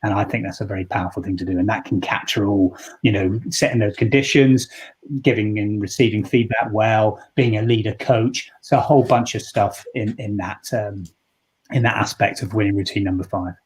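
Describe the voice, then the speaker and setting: A man's voice: lowish voice, fairly even intonation, a little fast, breathy edge. A man, a leadership coach speaking earnestly and reflectively in an interview, often restarting his sentences. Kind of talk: interview answer.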